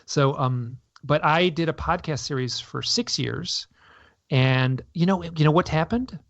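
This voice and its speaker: A man's voice: a little high, a little slow, creaky, no room sound. A man telling his story in an interview, rambling and restarting his sentences as he talks. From North America. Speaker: guest. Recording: dull lo-fi radio audio.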